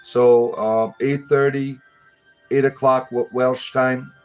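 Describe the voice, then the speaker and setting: A man's voice: medium pitch, flat delivery, slow, a little mellow, clear, resonant tone, soft background music. A man hosting a livestream, chatting casually and jokingly with viewers in a rambling way with many fillers and restarts. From United States. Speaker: livestream host.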